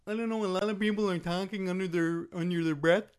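A man doing a deadpan, clueless woman wrestler. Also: sits high, fast, smooth, close to an everyday voice. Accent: put-on Irish. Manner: deadpan, flat delivery. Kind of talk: comedy podcast sketch.

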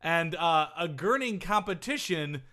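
High, goofy male podcast host. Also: animated, unhurried. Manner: goofy, breaks into silly voices and shouts. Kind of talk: casual comedic chat.

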